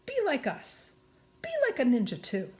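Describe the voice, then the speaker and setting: A woman voicing an eager, brave young girl in a children's story, speaking a little higher than her reading voice. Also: wildly swooping pitch, normal speed.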